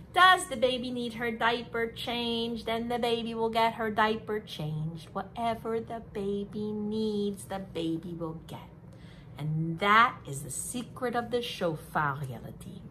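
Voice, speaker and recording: A young woman teaching young children, talking slowly and in a sing-song way, as if to a class of small kids. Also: fairly high pitch, slight background noise. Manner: animated, sing-song, slow and drawn out for kids. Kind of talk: children's lesson.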